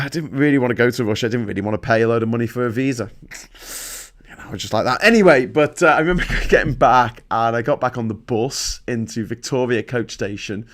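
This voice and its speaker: A man's voice: medium pitch, a bit bright. A man from Liverpool hosting a casual livestream, rambling and swearing as he mocks himself and mixes in politics. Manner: rambling, sweary, self-mocking. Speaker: livestream host. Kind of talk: casual live-stream chat and political commentary.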